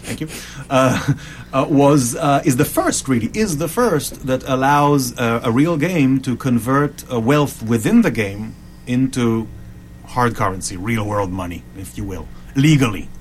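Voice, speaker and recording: A middle-aged man chatting casually as a podcast host, wandering through long thoughts and circling back on himself. His voice sits at an ordinary pitch for a man. A faint noise floor runs under the recording. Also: expressive, measured pace. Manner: rambling, with restarts and tangents. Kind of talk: casual chat.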